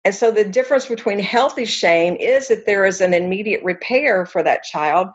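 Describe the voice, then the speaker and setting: An earnest woman counselor explains at an even pitch, telling her examples with animated emphasis. The sound is a little dull and lo-fi, like a remote recording. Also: normal speed. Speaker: counselor guest. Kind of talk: conversational explanation.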